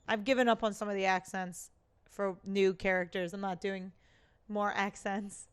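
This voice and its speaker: A woman's voice: mid-range voice, little pitch movement, normal speed, clean tone. A woman streamer narrating a game playthrough in a casual way, reading the text aloud. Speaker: gaming streamer.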